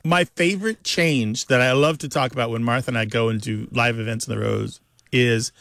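A man co-hosting a call-in show, explaining pronunciation to a caller in a measured, explanatory way. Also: mid-range voice, vocal fry, no echo, studio quality. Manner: explanatory, measured, animated when acting out quotes. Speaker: co-host of a language call-in show.

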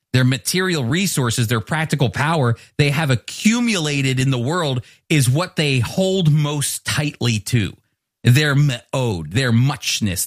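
A man's voice: fairly high pitch, no room sound, clean studio sound. A man giving a sermon-style Bible teaching, earnest and explanatory, often restarting words mid-thought.

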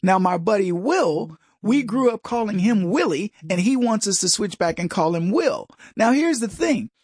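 Husky guy hosting his talk show, dry sound, rambles and does little voices. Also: high-pitched, lively intonation, normal speed, a little mellow, no echo. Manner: rambling, mimics other voices in anecdotes. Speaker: show host. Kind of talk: opinionated commentary.

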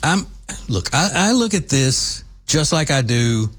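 A man's voice: on the high side, big pitch swings, unhurried, a bit bright. A man from the United States hosting an opinionated commentary monologue, emphatic and combative, hammering his points home through repetition. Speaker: political commentary host.

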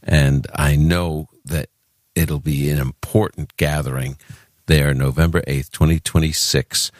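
A man from Brooklyn hosts a call-in radio show with an extremely deep voice. The sound is dry and close, and he talks in a chatty, earnest way. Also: steady tone, a little slow, no echo. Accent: New York. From Brooklyn, New York. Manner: chatty, earnest, with fillers and restarts. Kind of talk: live call-in radio talk.

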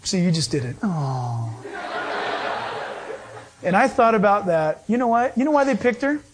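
A man preaching a sermon, telling stories with animated delivery and acting out other people's voices. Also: high voice, fast talker, noisy background. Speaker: pastor.

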